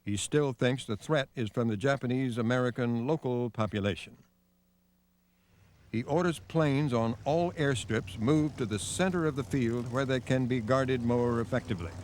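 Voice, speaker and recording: A man narrating a television news documentary in a measured, grave scripted delivery. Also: mid-range voice, darkish tone. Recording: faint noise on a VHS broadcast.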